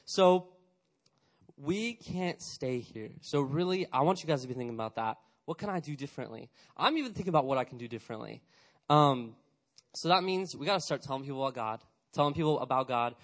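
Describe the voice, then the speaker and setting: This young man is a youth pastor in his twenties, talking fast at a medium pitch. His youth sermon is casual and high-energy, loaded with fillers, and he acts out little quoted bits as he goes.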